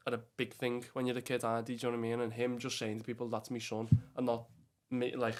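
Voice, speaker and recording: Completely flat and very fast, the mid-range voice belongs to a young Scouser from Liverpool in England. As a podcast guest he rambles through casual chat, leaning hard on fillers and profanity and saying "lad" often.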